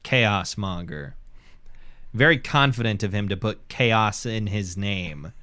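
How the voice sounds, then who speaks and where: A man's voice: on the low side, measured pace, bright, forceful tone. Rambling young man podcast host. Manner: rambling, laughs often, repeats words. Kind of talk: casual chat.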